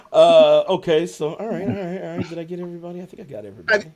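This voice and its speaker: A man's voice: high voice, brisk, crowd noise. A man hosting a podcast, joking and swearing through rowdy banter. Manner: swears, joking, mimics guests. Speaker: podcast host.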